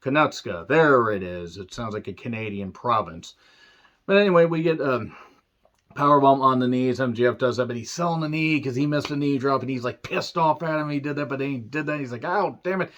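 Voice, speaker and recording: A tired man talks through a show recap in a loose, rambling way. He fills gaps with "you know" and clears his throat often, and he drops dry, wry asides. His voice sits at a middling pitch, and the audio sounds a little dull and lo-fi. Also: animated, fairly quick, fairly bright tone. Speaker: wrestling show reviewer. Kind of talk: casual solo review recap.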